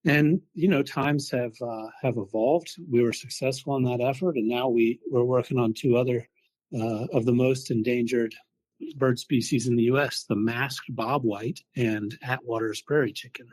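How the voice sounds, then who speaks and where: Oklahoman male researcher, husky, measured interview guest. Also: medium pitch, fairly even intonation, darkish tone. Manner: measured, explanatory with fillers. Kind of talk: interview answers.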